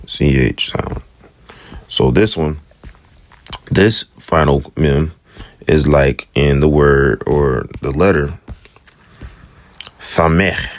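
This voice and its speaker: Very deep, gravelly man, slow. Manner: thinking aloud, repeating sounds slowly. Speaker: self-taught Hebrew teacher. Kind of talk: casual screen-share lesson.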